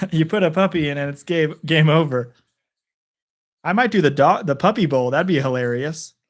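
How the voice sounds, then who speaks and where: This man's voice sits on the high side and moves at a moderate pace. He's streaming from home, chatting casually and wandering off topic with viewers as he calls a game live into a phone propped on a picture frame.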